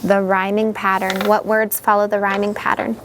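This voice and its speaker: A woman's voice: mid-range voice, little pitch movement, normal speed, slight background noise. A woman teaching young students in a classroom, leading them patiently with repeated questions.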